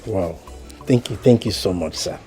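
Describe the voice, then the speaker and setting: An actor with a Nigerian accent playing a humble, eager young suitor. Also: male voice, deep voice, normal speed, dark tone, soft background music, lightly acted. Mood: grateful.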